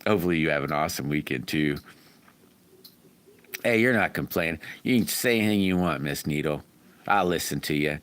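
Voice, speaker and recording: This middle-aged livestream host speaks in a rumbling low voice that's a bit bright, animated and fairly quick, yet broken by long pauses. Reading viewer comments in a casual chat, he rambles folksily, answers people by name, and chuckles a lot.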